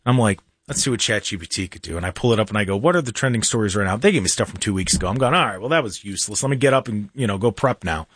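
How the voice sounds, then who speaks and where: A man's voice: lowish voice, animated, racing, hardly any pauses, fairly bright tone, husky, no room sound. A man hosting a casual talk show, chatting in a rambling way with many restarts and fillers. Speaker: show host. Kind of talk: casual live-stream show chat.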